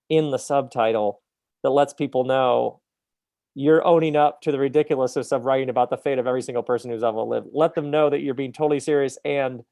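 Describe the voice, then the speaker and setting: Gravelly middle-aged man in relaxed interview. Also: mid-range voice, no echo, studio quality. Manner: animated and reflective, often laughing at himself. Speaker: author being interviewed. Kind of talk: casual interview conversation.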